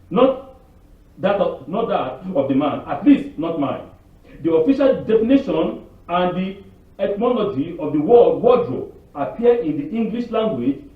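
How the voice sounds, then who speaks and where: In Canada, a spiritual leader gives his weekly Torah talk as an informal, rambling sermon, posing rhetorical questions and answering them himself. He acts out other people's voices with big leaps in pitch, and the recording sounds distant, echoey and phone-like, as if captured in a room.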